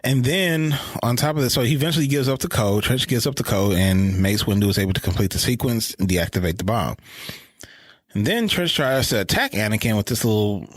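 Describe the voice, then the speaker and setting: A man co-hosting a podcast in casual chat, animated as he recaps scenes and laughs often. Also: lowish voice, brisk, dry recording. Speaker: podcast co-host.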